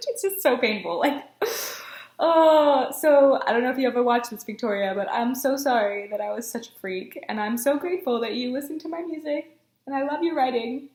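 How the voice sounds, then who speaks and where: A woman's voice: fairly high pitch, normal speed, a little mellow, roomy sound. A young woman telling a story in a casual vlog, bubbly and giggly, often poking fun at herself. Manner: bubbly, giggly, self-mocking. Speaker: book vlogger.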